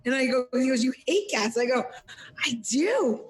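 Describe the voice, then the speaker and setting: A woman co-hosting a podcast, telling a story with animated, laughing energy. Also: sits high, quick pace, echoey room, rough recording. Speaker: co-host. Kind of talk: casual podcast chat.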